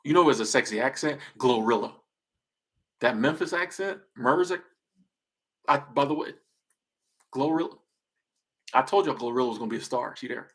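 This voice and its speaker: A husky-voiced man talks loosely to his livestream viewers. He jokes, drifts off mid-thought and starts his sentences over. His pitch sits in an ordinary middle range. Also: expressive, normal speed, pauses often, fairly bright tone. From Southern United States. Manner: joking, rambling, trails off and restarts. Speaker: streamer. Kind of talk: casual livestream chat reacting to viewer comments.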